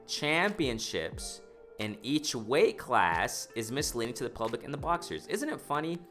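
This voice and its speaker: A man hosting a casual boxing commentary vlog, reading a news story aloud and reacting with excitement, heavy on slang and fillers. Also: medium pitch, a little slow, faint music behind. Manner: excited, animated, talks to the viewers as "ladies and gentlemen"; slangy, full of fillers like "you know" and "man".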